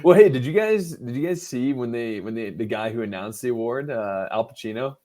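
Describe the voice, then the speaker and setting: A man co-hosting a podcast in casual chat, retelling events in an animated way and acting out what people said. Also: medium pitch, fairly quick. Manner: animated storytelling, acting out quotes. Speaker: podcast co-host.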